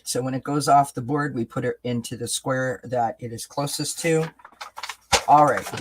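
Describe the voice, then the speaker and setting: A man hosts a live spiritual card reading and responds to viewers' messages as they arrive. His delivery is gentle, chatty and reassuring. He keeps checking in with the audience through little tags like "right?" and "you know.". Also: medium pitch, slightly rough. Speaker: oracle card reader and host. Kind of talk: live-stream spiritual reading, answering chat.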